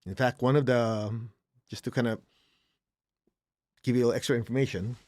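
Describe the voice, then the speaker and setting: Middle-aged man, spiritual teacher, blunt and animated, mid-pitched voice, dry close sound. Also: brisk, dry recording. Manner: direct, animated, acts out complaining students. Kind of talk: informal spiritual lesson.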